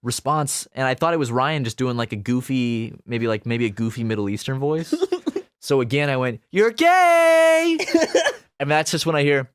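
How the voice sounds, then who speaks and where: A man's voice: medium pitch, fairly quick, clear, resonant tone, dry recording, clean studio sound. A man co-hosting a casual podcast, telling a rambling personal anecdote with plenty of fillers. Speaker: podcast co-host.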